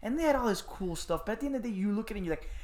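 A man co-hosting a casual chat podcast, telling stories with animated voices for the people in them. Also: very fast. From Miami. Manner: animated storyteller, acts out voices with big pitch jumps. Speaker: podcast co-host.

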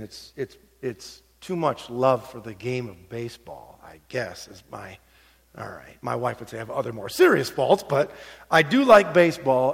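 A middle-aged man preaching a sermon as pastor, telling stories and moving between quiet asides and rising exhortation. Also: mid-range voice, gravelly. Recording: long hall reverb.

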